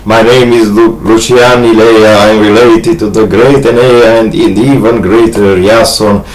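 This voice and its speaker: Halting, grandiose man. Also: on the low side, fairly even intonation, poor audio. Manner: hesitant, halting, many restarts and fillers; grandiose, earnest monologue. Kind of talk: rambling personal video message.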